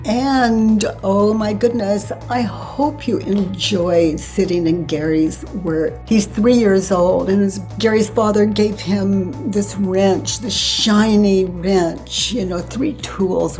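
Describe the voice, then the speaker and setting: An older woman hosting a podcast, speaking softly and reflectively, often sinking into whispers between long pauses. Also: lowish voice. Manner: soft-spoken, drifting into whispers, long pauses. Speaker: podcast host. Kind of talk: slow reflective spiritual talk.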